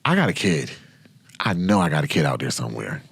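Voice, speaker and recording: A man in his thirties hosting a podcast, telling stories in a brash, profane, animated way. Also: extremely low pitch, fairly quick, creaky, breathy edge, no room sound. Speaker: podcast host. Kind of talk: casual storytelling.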